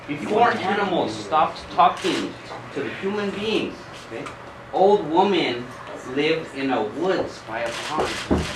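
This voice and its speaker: Man reading a kids picture book at a school event, voice a little high, echoey and noisy. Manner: pauses to show the pictures, checks in with okay. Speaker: storyteller reading to children. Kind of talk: picture book read-aloud. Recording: echoey room, distant mic, background noise.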